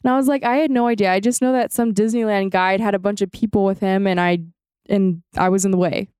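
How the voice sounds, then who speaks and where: A young woman co-hosting a podcast, telling stories in a casual, animated way and acting out the quotes. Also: medium pitch, a little fast, clear, resonant tone, dry recording. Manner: animated storytelling, acts out quotes. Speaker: podcast co-host. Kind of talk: casual chat.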